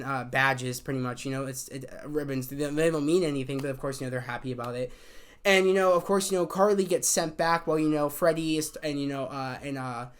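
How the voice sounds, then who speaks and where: A man's voice: fairly high pitch, clean tone. A young man casually recapping a TV episode, rambling with lots of fillers and restarts. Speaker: show reviewer.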